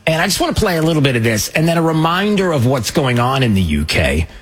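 Rambling through casual commentary, a male host jokes a lot and leans heavily on fillers. His voice is fairly high and husky, with a sing-song lilt and a quick pace.

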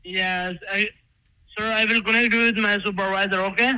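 A man making a telemarketing call, delivering a scripted sales pitch in a halting, repetitive way. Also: steady tone, sharp tone, clean tone, poor audio. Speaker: telemarketer caller.

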